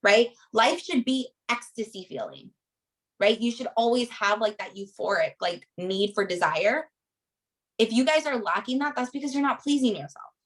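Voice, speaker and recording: A woman's voice: a little high, expressive, moderate pace, poor audio. A woman leading a group coaching session, giving motivational advice in an emphatic way and checking in with "right?" after nearly every point.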